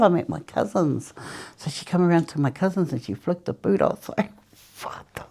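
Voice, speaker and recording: A woman's voice: lowish voice, expressive, a little fast, vocal fry, mellow, breathy edge. A woman from New Zealand, interviewed about quitting smoking, chatty storytelling that laughs often and acts out what people said. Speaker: interviewee, former smoker.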